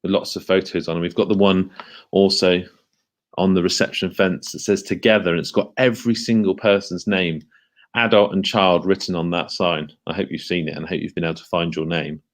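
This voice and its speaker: Lively male teacher, low voice. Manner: lively, questioning, speaks slowly and stresses key safety words. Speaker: teacher leading a school assembly. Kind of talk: livestreamed school assembly talk to children.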